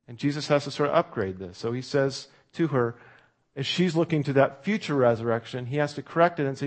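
Male pastor, mid-pitch voice, preaching casually, hushed on quotes. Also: expressive, brisk. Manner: conversational preaching, drops to a hush on quoted words. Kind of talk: sermon.

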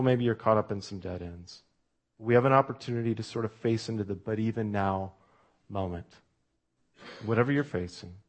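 A man preaching a sermon, talking through a scripture story in a conversational way and dropping to a hush when he quotes. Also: fairly low pitch. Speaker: pastor.

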